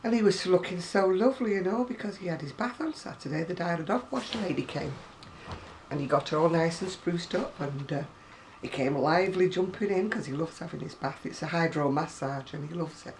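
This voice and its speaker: A middle-aged crafting vlogger talks casually to camera in a gravelly, creaky voice that's fairly low and brisk. She rambles from story to story, breaking into ranting asides, with faint background hiss beneath her voice.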